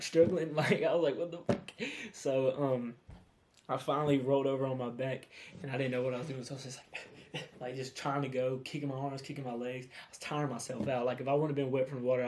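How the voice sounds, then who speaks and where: Young guy vlogging, rambly and candid, lots of um and like, mid pitch. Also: a little mellow, slight background noise. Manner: rambling, candid, full of fillers and self-corrections. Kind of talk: casual talk to camera.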